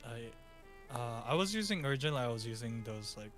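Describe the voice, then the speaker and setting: A man's voice: mid-range voice, expressive, fast talker, fairly bright tone, faint music behind. A man telling a story in casual chat, acting out quotes from his chat and friends. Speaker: VTuber guest.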